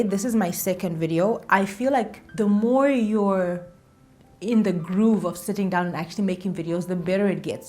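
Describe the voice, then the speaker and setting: A woman's voice: on the low side, a little mellow. A woman talking casually to camera as a vlogger, chatty and self-deprecating, repeating phrases for emphasis. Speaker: YouTuber.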